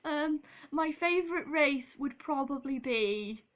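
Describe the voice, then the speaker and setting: Slow, giggly young British woman. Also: high voice, expressive. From Britain. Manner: giggly, rambling, apologetic, with frequent ums. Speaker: vlogger. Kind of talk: casual chat.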